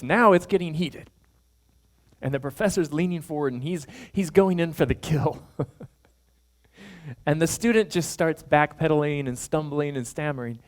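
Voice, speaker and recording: A man preaching a sermon, spinning a story with animated delivery. He slips into the voices of the people he quotes and chuckles as he goes. His speaking voice sits a little high for a man. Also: moderate pace. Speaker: pastor.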